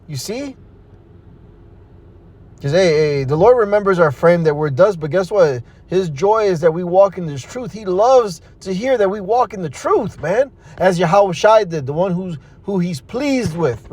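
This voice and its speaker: A man with a notably high voice preaches hard and fast in street-sermon style. He swears casually, stumbles over restarts, and keeps checking in with "right?" and "you know?" as he pushes into his own testimony. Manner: forceful, profane, repeats "man" and "you see".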